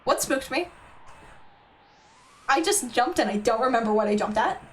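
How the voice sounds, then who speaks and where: A woman's voice: on the high side, expressive, normal speed. A young woman streaming a game, chatting casually with her viewers in a playful, teasing way and giggling often. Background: faint game music.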